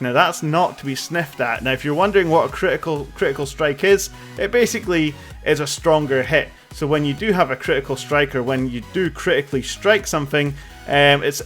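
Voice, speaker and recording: A man's voice: on the high side, fairly bright tone. A young man talking casually through a game tutorial, chatty and rambling, with frequent ums and uhs. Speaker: gaming tutorial creator.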